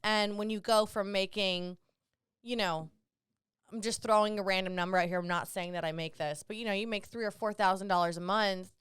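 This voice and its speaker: A woman's voice: medium pitch, fairly even intonation, fairly quick, fairly bright tone, clear, resonant tone, no echo, clean studio sound. A young woman co-hosting a podcast, rambling chattily with lots of "like" and the odd swear. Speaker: podcast co-host. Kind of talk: casual chat.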